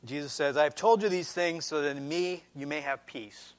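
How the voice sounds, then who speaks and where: A middle-aged man preaching a sermon as pastor, earnest and emphatic, dropping to soft reassurance at times. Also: on the high side, normal speed.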